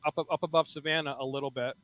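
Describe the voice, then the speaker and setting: A man's voice: a little high, little pitch movement, quick pace, fairly bright tone, dry recording, rough recording. A male comedian guest in casual podcast chat, rambling and repeating himself as he talks. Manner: loose, rambling, repeats words.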